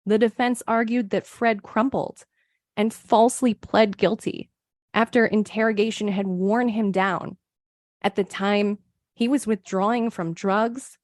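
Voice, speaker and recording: A woman's voice: fairly high pitch, darkish tone, dry recording, clean studio sound. A woman co-hosting a true crime podcast, narrating case details from a script and quoting her sources. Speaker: podcast co-host.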